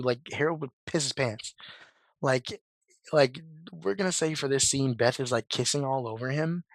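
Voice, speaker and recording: A hoarse young man giving casual fan commentary, rambling with lots of fillers, restarts and slang. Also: mid-range voice, fairly bright tone, dry recording.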